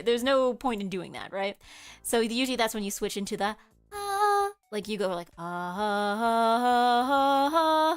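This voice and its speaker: A woman streamer chatting casually with her viewers in a nasal voice, explaining things as she goes. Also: medium pitch. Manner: chatty, explains with vocal demos.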